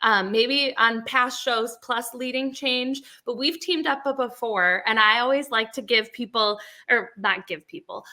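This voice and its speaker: A woman hosting an interview podcast, speaking in an enthusiastic, excitable way as she introduces her guest. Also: a little high, measured pace, hardly any pauses. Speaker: podcast host. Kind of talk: conversational interview.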